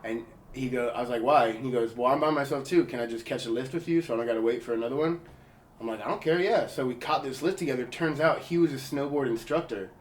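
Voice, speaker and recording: A man's voice: medium pitch, fast talker, reverberant. A young man from California hosting a podcast, telling a story in a loose, profane, slangy way and acting out what people said. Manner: profane, slangy, acts out quotes. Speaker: podcast host. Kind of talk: casual storytelling chat. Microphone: portable handheld recorder.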